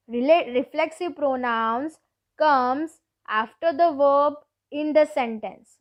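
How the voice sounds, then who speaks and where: A woman teacher giving a grammar lesson to schoolchildren, explaining each rule slowly and patiently, with lots of repetition. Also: high voice, muffled recording. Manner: slow, deliberate, repeats each rule patiently.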